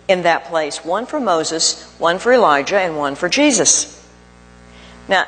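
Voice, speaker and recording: Slow, deliberate preacher in a reverberant hall. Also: male voice, fairly high pitch, fairly bright tone. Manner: slow, deliberate delivery with emphatic pauses. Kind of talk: sermon. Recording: long reverb of a large hall.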